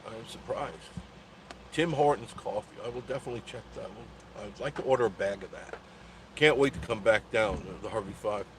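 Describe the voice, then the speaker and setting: A man's voice: lowish voice, quick pace. An older man, hosting a live stream and chatting casually as he reads out viewer comments, rambling and laughing often. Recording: faint background noise.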